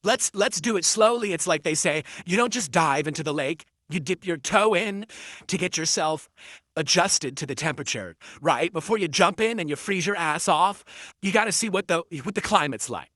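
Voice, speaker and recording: A man's voice: high voice, animated, moderate pace, sharp tone, dry recording, studio quality. A man livestreaming and reading out super chats in a casual, teasing, mocking way, swearing freely.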